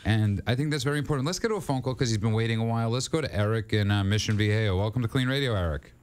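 A man's voice: fairly low pitch, rapid-fire. A man hosting a call-in radio show, earnest and encouraging, often repeating his words as he starts a sentence.

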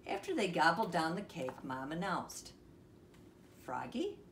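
A woman reading a children's picture book aloud with expressive voices and chatty asides to the listener. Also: lowish voice, moderate pace, recorded from a distance. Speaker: storyteller. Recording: echoey room, off-mic, faint hiss.

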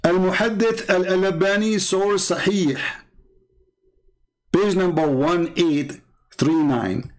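Man, Arabic accent, taunting commentary, sarcastic, slightly high voice. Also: very slow, pauses often, darkish tone. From Arab world. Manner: taunting, sarcastic, repeats words in bursts. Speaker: Christian apologist. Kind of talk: mocking polemical commentary.

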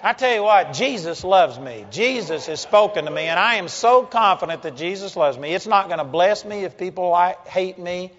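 A man's voice: sits high, lively intonation, moderate pace, few pauses, a bit bright. A man preaching a sermon in a blunt, folksy way, joking with the crowd. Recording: dull lo-fi sound with long hall reverb.

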